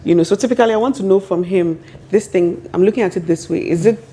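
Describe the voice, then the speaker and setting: A woman on a webinar panel, telling stories about her business in a lively way and laughing often. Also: mid-range voice, fast. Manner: animated storyteller, laughs often. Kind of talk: casual panel discussion.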